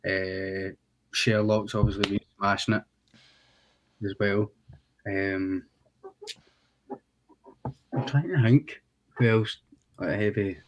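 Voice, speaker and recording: A man's voice: lowish voice, steady tone, slow pace, pauses often, no room sound, rough recording. A young Scottish man, a rapper guest in a casual interview, laid-back and slangy. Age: young adult.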